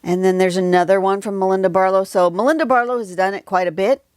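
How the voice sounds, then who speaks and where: A woman's voice: mid-range voice, fairly even intonation, quick pace, a little mellow, smooth, dry recording, studio quality. A woman hosting a casual livestream drawing lesson, chatty and rambling with many asides, recorded on a phone at home. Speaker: drawing tutorial host.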